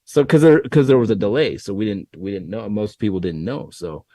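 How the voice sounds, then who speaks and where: A man hosting a casual podcast chat, telling stories in a rambling, animated way. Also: fairly low pitch, a little fast, dry recording, clean studio sound. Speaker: podcast host.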